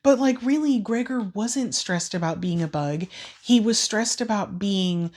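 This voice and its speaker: A woman with a scratchy voice recapping and ranting about a book in a casual vlog, swearing freely and jumping into quick quoted voices for each character. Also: medium pitch, animated, a little mellow. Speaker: book vlogger.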